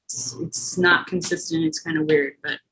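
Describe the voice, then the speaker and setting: A woman telling a class about her work, speaking hesitantly with many pauses and "um"s. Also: sits low, steady tone, bright, forceful tone, slight background noise, poor audio. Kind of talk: casual chat.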